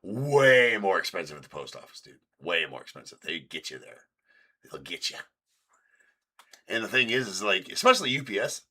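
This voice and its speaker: Male stream host, deep but bright tone, rambling casual storyteller. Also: big pitch swings, moderate pace. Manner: rambling, reenacts arguments in raised voice. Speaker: card break host. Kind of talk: casual livestream chat.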